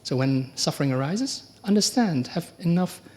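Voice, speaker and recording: A middle-aged man, a monk giving a conversational dharma talk, often asking the audience questions and acting out quoted exchanges. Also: normal speed. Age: middle-aged or older. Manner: acts out quoted exchanges with lively pitch jumps. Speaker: Buddhist monk teacher.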